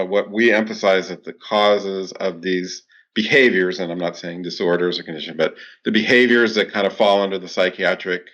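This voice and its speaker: In a muffled recording, a low-voiced man who works as a clinical psychologist responds to interview questions. His explanations are steady and sprinkled with frequent "you know" fillers.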